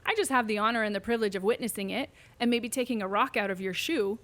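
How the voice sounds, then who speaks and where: A woman's voice: on the high side, fast. A woman physical therapist telling a patient's story in an interview, acting out the voices she quotes. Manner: animated, acts out quoted voices. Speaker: pelvic physical therapist, guest.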